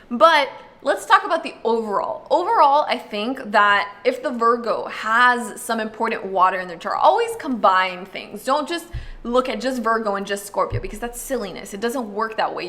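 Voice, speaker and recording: A woman hosting an astrology video, talking casually and explaining to the viewer, full of "like" and quick acted-out quotes. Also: on the high side, sharp tone. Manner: chatty, uses lots of "like", acts out quick voices. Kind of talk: casual explanatory talk to camera.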